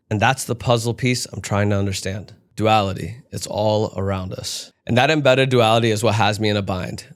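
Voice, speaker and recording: A young man from New York delivering an animated comedic monologue that swings between deadpan musing and sudden outbursts. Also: fairly low pitch. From United States, raised in New York. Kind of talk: stand-up style comedic monologue.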